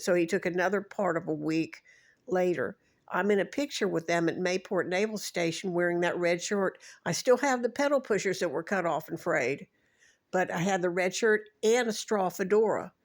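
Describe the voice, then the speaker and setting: A woman in her sixties recounts an old memory in a long, digressive stretch of talk. Her voice sits low with a gravelly edge, and she piles up names and small details, often backing up to restart a thought. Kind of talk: rambling personal recollection.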